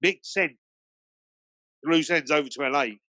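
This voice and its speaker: Slightly high-voiced British man telling stories. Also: a little slow, sharp tone, no echo. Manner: rambling, full of fillers and restarts. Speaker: guest DJ. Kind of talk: anecdotal storytelling in a conversation.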